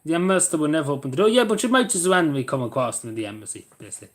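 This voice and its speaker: A man chatting casually on a live stream, rambling and joking, his voice often trailing off quietly at the ends of sentences. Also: fairly high pitch, lively intonation, very fast.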